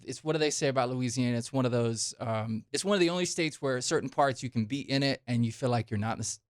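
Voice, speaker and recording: A man's voice: medium pitch, quick pace, no room sound, studio quality. Male radio host asking rambling questions. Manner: rambling, friendly questions with many fillers. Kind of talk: casual interview chat. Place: radio studio.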